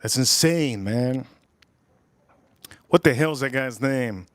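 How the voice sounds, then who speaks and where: Male livestream host, middle pitch, dry close sound, crude, rambling, excitable. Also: slow, no echo. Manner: brash, rambling, crude joking with chat; animated pitch swings, pitch jumps up when exclaiming. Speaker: livestream host reviewing whiskey. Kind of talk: casual livestream chat reading comments.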